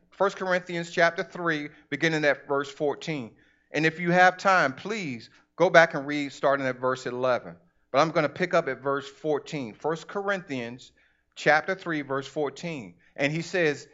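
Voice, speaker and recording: A man with a fairly high voice delivers a sermon to his church in a relaxed, conversational style, drifting now and then into acted-out asides. The recording sounds dull and muffled.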